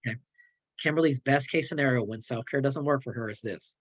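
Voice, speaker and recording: A man's voice: medium pitch, expressive, a bit bright, husky, low-quality recording. A man presenting a clinical training online, sarcastic and acting out short dialogues between colleagues. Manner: sarcastic, role-playing colleagues in quick dialogue.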